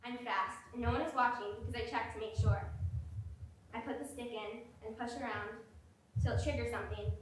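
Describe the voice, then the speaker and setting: Bright high woman on an echoey stage. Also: steady tone, fairly quick, a little hiss or hum. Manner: narrating her own actions step by step, urgent at times. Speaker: stage actor. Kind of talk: live theater monologue. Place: theater stage. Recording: echoey hall, far from mic.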